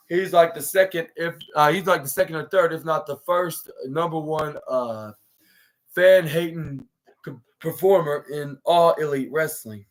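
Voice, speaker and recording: Podcast host, a man with a fairly high voice, loose rambling recap full of fillers. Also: a bit bright. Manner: rambling, heavy use of "like" and restarts. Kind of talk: casual show recap.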